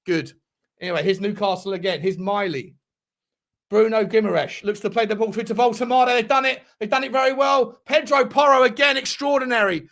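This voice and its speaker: Young male fan-channel host, high-pitched, excitable live match caller who shouts and swears. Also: brisk. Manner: talks to viewers directly. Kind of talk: live football watchalong commentary.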